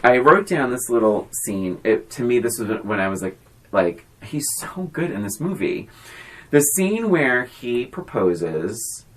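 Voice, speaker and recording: A woman's voice: rumbling low, a little slow. A woman co-hosting a podcast, chatting casually about a movie and acting out its lines. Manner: animated, acts out movie lines with big swings. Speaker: podcast co-host.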